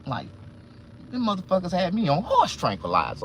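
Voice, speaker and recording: A man vlogging from a car, ranting casually and profanely, swinging between loud outbursts and low muttering. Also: huge pitch swings, normal speed, slight background noise. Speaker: vlogger and barber. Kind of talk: casual live-stream rant.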